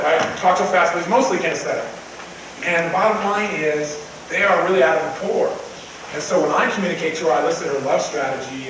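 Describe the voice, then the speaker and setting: A high-voiced young man in his twenties delivers a seminar talk, animated and dropping into soft, tender tones to make a point. The recording is distant and very roomy, with a steady hiss of noise underneath. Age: 20s. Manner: animated, swings from loud to hushed tender tones. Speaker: seminar speaker. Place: large room, recorded from a distance. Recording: very echoey, distant, noisy old live recording.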